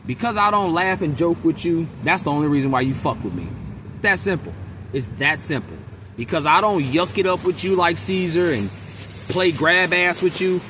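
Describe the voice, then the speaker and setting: A man's voice: a little high, animated, normal speed, background noise. A man venting in a casual monologue to camera, blunt and profane, mimicking his coworkers. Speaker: vlogger.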